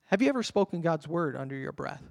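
An older man, a pastor, delivering an animated sermon that drops at times to a murmured prayer. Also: fairly high pitch, fast, gravelly. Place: church hall. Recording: long reverb of a church hall.

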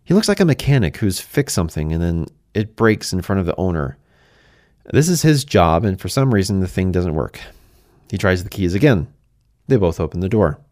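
A man's voice: low-pitched, sing-song, moderate pace, darkish tone, dry recording, studio quality. A man narrating a first-person fantasy story in a conversational way, speaking to the listener directly.

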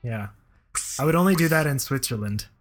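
A man co-hosting a podcast, easygoing and quick to laugh in casual banter. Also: medium pitch, lively intonation, soft background music. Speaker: podcast co-host.

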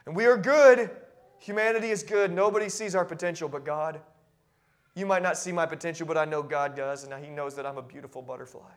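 A man preaching a sermon as pastor, moving from quiet reflective passages to loud, emphatic declarations and often repeating words as he builds. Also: on the high side, fairly even intonation, fast. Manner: repeats and restarts words when carried along.

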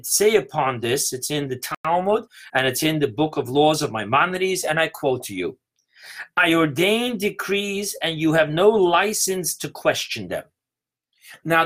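A man delivers a teaching sermon in a slightly raised voice. He stresses key words with emphasis and slows down to drive each point home. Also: a little high, fairly bright tone, husky. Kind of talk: sermon on Hanukkah mysticism.

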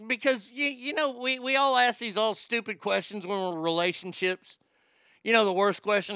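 A man's voice: high-pitched, moderate pace, bright, forceful tone, clean tone, no room sound, studio quality. A man hosting a comedy podcast, rambling and joking crudely, often stammering and repeating words. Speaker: podcast host.

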